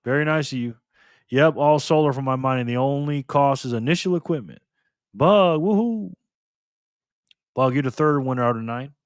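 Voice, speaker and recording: A man hosting a casual livestream, calling out viewers and donations with upbeat shout-outs. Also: mid-range voice, moderate pace, pauses often, smooth, no echo, clean studio sound. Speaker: livestream host.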